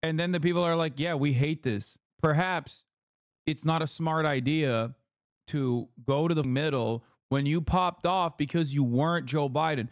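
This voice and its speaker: Man, streamer, sarcastic profane rant, mocking, dry sound, slightly high voice. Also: steady tone, moderate pace, dry recording. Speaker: streamer reacting to news clips. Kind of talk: casual profane commentary.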